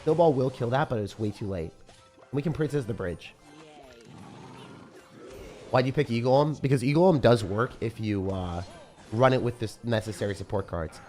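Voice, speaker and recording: A man with a rough morning voice giving casual live commentary on a game he is playing, chatting and reading viewer comments aloud. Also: medium pitch, lively intonation, moderate pace, pauses often, darkish tone, soft background music. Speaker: game streamer.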